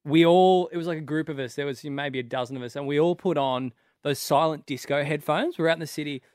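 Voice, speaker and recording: A man's voice: a little high, a little fast, a little mellow, no echo, studio quality. A man, co-hosting a podcast and telling a loose, rambling story. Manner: rambling anecdotes with fillers. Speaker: podcast co-host. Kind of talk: casual chat.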